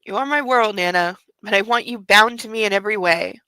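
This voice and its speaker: A woman reading the lines of a possessive, controlling young rich man in a plain, hushed read-aloud voice. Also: mid-range voice, a little fast, clear, resonant tone, no echo, close to an everyday voice, poor audio. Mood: intense.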